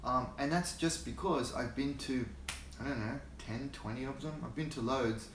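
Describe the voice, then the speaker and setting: A man's voice: mid-range voice, moderate pace, roomy sound, a little hiss or hum. An Australian man hosting a casual livestream, rambling and chuckling as he greets viewers by name, talking into a phone held in his hand. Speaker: hobby channel host.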